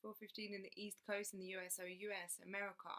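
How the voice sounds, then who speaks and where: A woman's voice: medium pitch, level tone, fast, sharp tone. A woman chatting casually on a livestream, reading out viewer comments and laughing often. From England. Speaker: livestream host.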